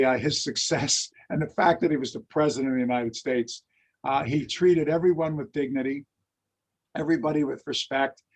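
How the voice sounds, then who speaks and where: Male history lecturer, husky and gravelly, an animated anecdote-teller. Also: medium pitch. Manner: animated storyteller, acts out quotes. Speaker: lecturer and teacher.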